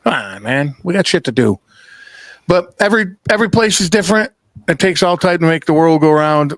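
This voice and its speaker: A man's voice: on the high side, expressive, a little fast, fairly bright tone, dry recording. A man hosting a podcast, chatting casually and telling stories bluntly with plenty of swearing. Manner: blunt, profane storyteller. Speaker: podcast host. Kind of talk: casual chat.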